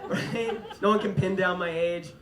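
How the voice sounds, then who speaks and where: A young man doing a stand-up comedy set on stage, with a light, fairy-tale-like voice. He is animated and laughs through his punchlines. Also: sits high, normal speed. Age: young adult. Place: comedy stage before a live audience. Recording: roomy live venue, loud audience noise.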